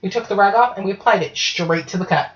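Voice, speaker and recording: Over dull, lo-fi online call audio, a chatty woman podcast host speaks fast at medium pitch while telling a casual story. She swears and keeps asking "right?"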